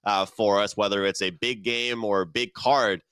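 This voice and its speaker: A man with a bright, forceful voice hosts a sports betting show. His sound is close and dry, and he moves briskly from pick to pick with upbeat energy. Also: fairly low pitch, steady tone, clear, resonant tone, no echo.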